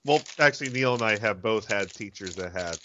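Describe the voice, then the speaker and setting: Male host, lively swooping voice, jokey and sarcastic, dull lo-fi audio. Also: lowish voice, fairly quick, a little hiss or hum. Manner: animated, joking, sarcastic. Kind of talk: casual chat.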